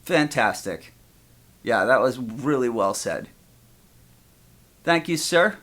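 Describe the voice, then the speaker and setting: A man co-hosting a podcast in casual chat, animated and quick to agree. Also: medium pitch. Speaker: podcast co-host.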